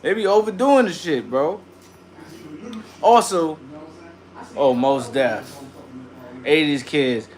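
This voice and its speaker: A man's voice: fairly high pitch, slow pace, long pauses, faint music behind. Slangy man ranting on a livestream. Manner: slangy, animated ranting, greets chat by name. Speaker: livestream host. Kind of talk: casual livestream chat.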